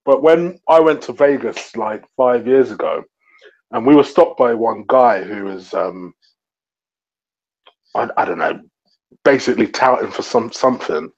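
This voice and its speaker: An English man co-hosting a casual chat show, expressive and quick to act out the voices in his stories. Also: mid-range voice, muffled recording. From England. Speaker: co-host.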